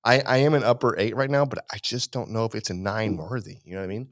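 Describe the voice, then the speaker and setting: Low-voiced joking podcast man. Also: fairly even intonation, fast talker, a bit bright, no room sound, clean studio sound. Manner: jokey, laughs often, acts out quotes. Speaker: podcast co-host. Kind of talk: casual chat rating beers. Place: live podcast studio.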